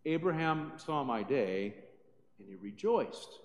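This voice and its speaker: A man voicing a calm, authoritative teacher who speaks low, quiet and measured, in an echoey hall. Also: slight background noise. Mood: solemn.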